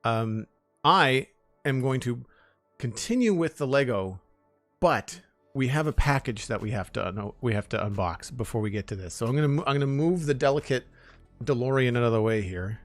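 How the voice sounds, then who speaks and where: Man, casual live-stream chat, friendly and talkative, middle pitch, soft music behind. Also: animated, moderate pace, dry recording. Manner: friendly, chatty, thanks supporters by name. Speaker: streamer building Lego.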